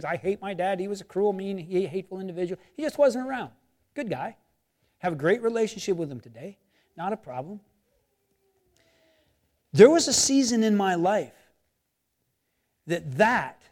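Man, pastor, sermon, high-pitched voice, animated, acts out inner voices, loud emphasis then quiet asides.

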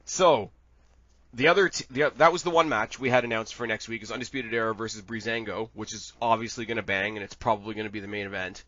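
A man co-hosting a podcast in casual wrestling chat, animated and rambling, swearing freely. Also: on the low side, fast talker, no room sound, muffled recording. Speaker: podcast co-host.

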